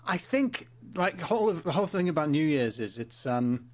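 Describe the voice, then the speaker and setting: A man calling in remotely as a podcast guest, teasing with a dry, deadpan wit. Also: a little high, normal speed. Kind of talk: casual chat. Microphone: remote call mic.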